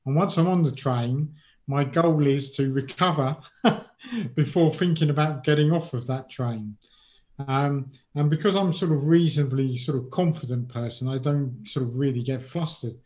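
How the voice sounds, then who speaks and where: A man's voice: mid-range voice, moderate pace, darkish tone, lo-fi sound. A middle-aged man from England, a guest in an interview, speaking casually and hesitantly, with many ums and restarts.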